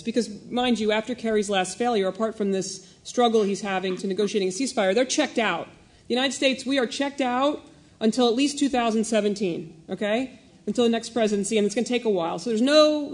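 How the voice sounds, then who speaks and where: Woman, reporter, panel discussion, emotional, animated, quick. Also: a little high. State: a little emotional.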